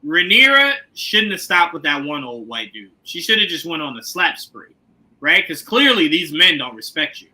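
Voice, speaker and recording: A man hosting a casual TV recap chat, animated and joking, often slipping into comic impressions. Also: fairly high pitch, moderate pace, poor audio. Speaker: podcast host.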